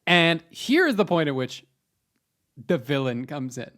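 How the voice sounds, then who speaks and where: Telling a rambling, self-mocking story on his podcast, this young co-host speaks in a slightly high, sing-song voice. His pace is measured and his tone a bit bright, with a hesitant, casual comedic feel.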